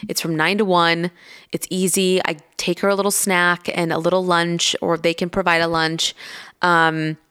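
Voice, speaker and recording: A woman's voice: on the low side, level tone, moderate pace, a bit bright, smooth. A woman in her thirties co-hosting a casual podcast, telling family stories in a chatty way full of fillers. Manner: chatty storyteller, lots of fillers. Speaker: podcast co-host, mother. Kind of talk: casual chat.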